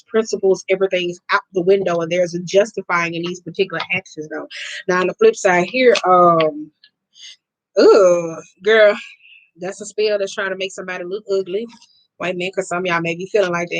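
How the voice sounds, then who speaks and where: A woman giving a casual card reading to her viewers, blunt and profane, with emphatic, drawn-out repetitions. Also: on the low side, no room sound, poor audio. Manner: blunt, profane and expressive, talking straight to viewers. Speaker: oracle card reader.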